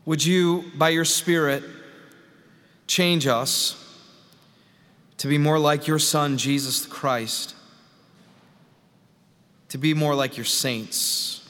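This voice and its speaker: A man reads scripture and prays from a church pulpit, unhurried and deliberate. His voice sits a little high for a man. The sound carries a long church reverb. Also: fairly even intonation, a bit bright. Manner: slow, measured reading with rising emphasis. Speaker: pastor. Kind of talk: scripture reading and prayer in worship. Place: large church sanctuary.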